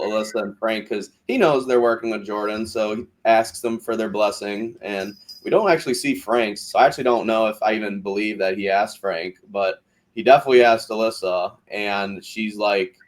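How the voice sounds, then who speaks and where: A man's voice: fairly low pitch, normal speed. A man hosting a podcast recap of a reality show, chatting casually, swearing freely and acting out quotes from the cast. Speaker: podcast host. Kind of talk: casual chat.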